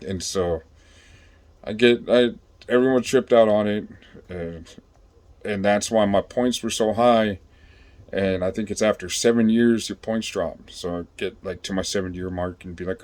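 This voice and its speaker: Man, lowish voice, loose storytelling, lots of restarts and cursing. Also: fairly even intonation, unhurried, darkish tone. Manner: rambling, profane, full of fillers and restarts. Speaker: vlogger telling his own story. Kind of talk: casual storytelling.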